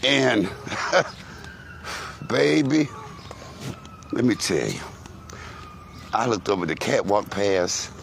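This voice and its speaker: This man speaks on the low side, extremely slowly, with vocal fry and long pauses, while vlogging on his phone outdoors on the way to a grocery store. His profane rant about family is animated and full of insults and cursing, with slight background noise.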